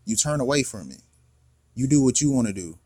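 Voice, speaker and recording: A man's voice: medium pitch, expressive, fairly quick, mellow, no echo. Slangy man arguing through a reaction. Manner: argumentative, repeats questions, slangy. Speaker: reaction video host. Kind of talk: casual reaction commentary.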